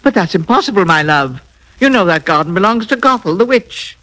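A man's voice: high-pitched, very animated, takes it slowly, creaky, bright, forceful tone, slightly rough, heavily acted, low-quality recording. A man doing a timid, frightened husband. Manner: anxious, protesting. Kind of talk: children's storybook record.

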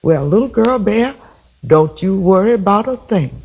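A man's voice: sits high, animated, moderate pace, darkish tone, husky, dull audio, full character voice. A man voices a huge, stern mother bear in a spoken folktale. She speaks firmly and with command, settling the matter.

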